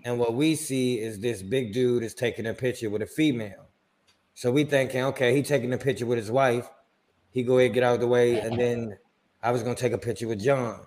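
A man co-hosting a sports podcast, telling a story in casual chat and acting out his own reactions with sudden high exclamations. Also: fairly even intonation, a little fast, a little mellow. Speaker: podcast co-host.

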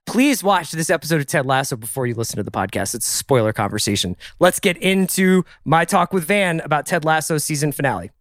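A man's voice: a little high, animated, brisk, few pauses, a bit bright, no room sound. A man with a slightly raised voice hosts a chatty podcast, wandering through his thoughts with restarts and asides. The sound is dry and close, with no room around it. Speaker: podcast host. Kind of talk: casual pop-culture discussion.

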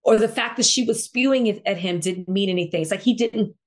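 A woman's voice: medium pitch, fairly quick. A woman co-hosting a podcast in casual chat, speaking with passion and repeating phrases for emphasis. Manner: impassioned, repeats herself for emphasis. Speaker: podcast co-host.

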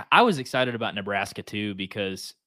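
Southern guy chatting about hunting, lowish voice, dry close sound. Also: moderate pace, no echo. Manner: relaxed storyteller, frequent "like". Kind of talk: casual hunting chat.

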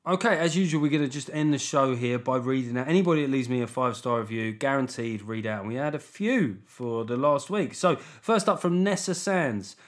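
A man's voice: mid-range voice, brisk, few pauses. A British man hosting a podcast, chatting casually with cheeky, irreverent banter. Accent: British English. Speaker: podcast host. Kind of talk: casual comic podcast monologue.

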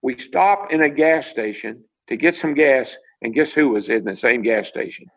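An older Tennessee man, a former racing driver, tells stories in a video-call interview, animatedly acting out the dialogue. His voice is medium-pitched at a moderate pace, and the recording quality is low.

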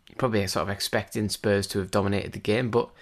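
Low-voiced man rambling about football. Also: fairly even intonation, fast talker. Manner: rambling, many restarts and fillers. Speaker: podcast co-host. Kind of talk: casual football chat.

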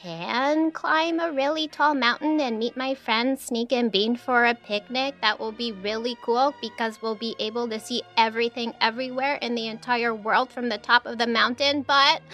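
A woman's voice: fairly high pitch, steady tone, normal speed, hardly any pauses, fairly bright tone, faint music behind, close to an everyday voice. A woman voicing a small, shy female ghost with allergies in a children's audio story, talking in a timid, hesitant way. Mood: worried. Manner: timid, hesitant, easily embarrassed.

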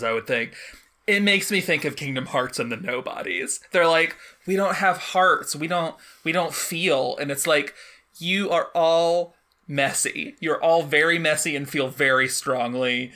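A woman in casual conversation, animated and laughing often as she acts out quotes. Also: sits low. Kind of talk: casual chat.

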